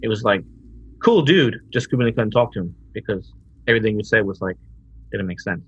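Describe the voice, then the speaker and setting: A man's voice: on the low side, animated, brisk, husky. A laid-back man co-hosting a podcast, slangy and casual, reading game listings. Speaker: podcast co-host. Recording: dull lo-fi recording.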